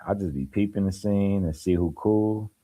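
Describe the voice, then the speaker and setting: Man, very low voice, laid-back, casual live chat, laughs while talking. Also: normal speed, dark tone. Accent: African American Vernacular English. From American Midwest or East Coast.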